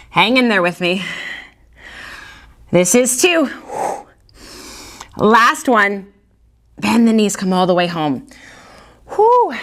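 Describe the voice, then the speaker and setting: A woman's voice: medium pitch, fairly bright tone. Woman cueing a Pilates workout. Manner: encouraging cueing with breathing counts. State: out of breath at times. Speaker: Pilates instructor. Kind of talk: guided workout instruction.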